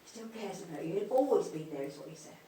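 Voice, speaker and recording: This medium has a voice on the low side, dark and expressive, and she moves at a quick pace. Demonstrating live in a spiritualist church hall, she addresses people tenderly as darling and sweetheart. A distant mic picks her up amid the hall's echo and some faint noise.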